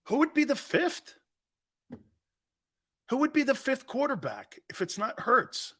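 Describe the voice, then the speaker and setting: A middle-aged man hosting a sports talk show, brash and jokey, loud and given to repeating himself. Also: very high voice, sing-song, a little slow.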